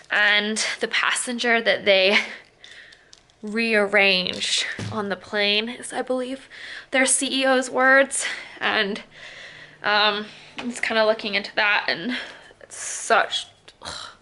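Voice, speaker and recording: A woman's voice: on the high side, sharp tone, a little hiss or hum. A woman in her twenties talking casually to the camera at home, rambling with lots of fillers and getting indignant. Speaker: vlogger. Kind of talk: casual vlog chat. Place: home, indoors.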